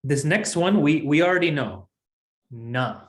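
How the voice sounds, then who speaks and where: A man teaching a language class at an unhurried pace, his pitch rising and falling freely as he explains each point patiently. His voice sits in a roomy, echoing space. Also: animated. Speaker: Sanskrit teacher.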